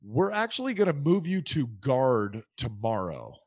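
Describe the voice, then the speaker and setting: A middle-aged man from the United States, a former football player telling his story as a guest in a casual podcast interview, acting out the people he quotes with lively energy. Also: medium pitch, measured pace, dry recording.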